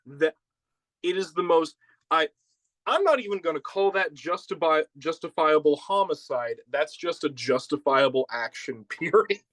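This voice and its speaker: A man's voice: a little high, animated, moderate pace, fairly bright tone, no room sound, rough recording. A man hosting a casual chat, rambling and laughing, often restarting his sentences. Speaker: host.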